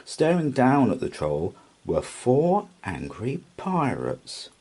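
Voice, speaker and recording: Slow, husky man reading a storybook aloud. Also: medium pitch, wildly swooping pitch, a little mellow. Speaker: storybook reader. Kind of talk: children's read-aloud narration.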